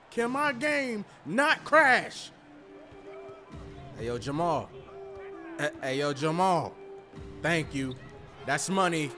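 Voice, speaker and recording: Loud, excitable young-sounding gaming streamer man. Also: sits high. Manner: loud, excitable, trash-talking, swings from mumbling to yelling. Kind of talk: casual gameplay commentary.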